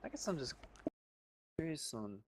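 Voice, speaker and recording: A man co-hosting a casual gaming podcast, chiming in quietly with short questions. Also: fairly high pitch, big pitch swings, moderate pace, slight background noise. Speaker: podcast co-host. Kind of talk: casual chat.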